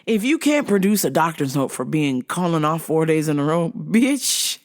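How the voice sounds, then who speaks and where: A woman hosting a casual show, telling stories in a profane, animated way and laughing often. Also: low-pitched, brisk. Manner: animated storytelling, frequent laughter, heavy swearing. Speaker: show host. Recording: voice over background music.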